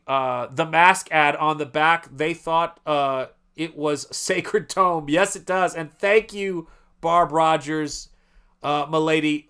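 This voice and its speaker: A man hosting a live stream, chatting casually in a rambling, animated way and often cutting himself off. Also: fairly high pitch, smooth. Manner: rambling, animated, self-interrupting. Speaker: livestream host and artist.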